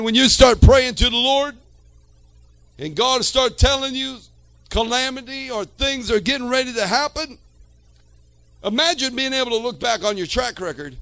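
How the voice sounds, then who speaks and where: A man preaching a sermon to a church congregation, swinging from quiet talk to shouted lines and calling out to the room. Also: extremely high pitch, vocal fry. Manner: calls to the congregation.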